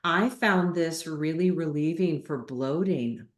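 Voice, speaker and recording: A woman teaching yoga in a low voice, slow and unhurried, talking students through each setup with gentle reassurance. Her voice carries a roomy echo, as if recorded in an open, bare room. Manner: calm, measured instruction with gentle reassurance. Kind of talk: guest instruction in a live online class. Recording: echoey room.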